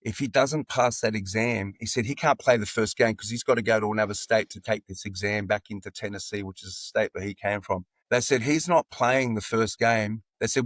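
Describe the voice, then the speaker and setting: A man's voice: on the low side, a little fast, hardly any pauses, no echo. Australian man in his sixties, telling stories. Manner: animated anecdotes, acting out quoted dialogue. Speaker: football coach, podcast guest. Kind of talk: casual storytelling in an interview.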